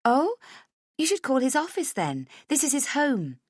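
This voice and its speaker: A woman voicing a confident, relaxed and friendly wife answering her home phone. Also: high voice, measured pace, dry recording, studio quality, voice pushed up, heavily acted.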